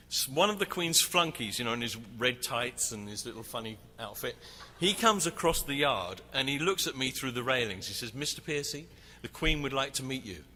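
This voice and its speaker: Man, conference talk, bright forceful tone, long hall reverb. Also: medium pitch, a little hiss or hum. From England. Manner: animated, acts out shouting crowd. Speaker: worship leader. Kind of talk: conference teaching with a story. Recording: reverberant hall, faint ambience.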